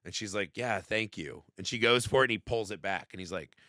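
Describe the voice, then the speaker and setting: Young guy cohosting a movie podcast, bright tense voice, swears a lot, dry close mic. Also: fairly low pitch, fast talker, no echo. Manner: profane, animated, acts out movie quotes. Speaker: podcast co-host. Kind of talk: casual chat.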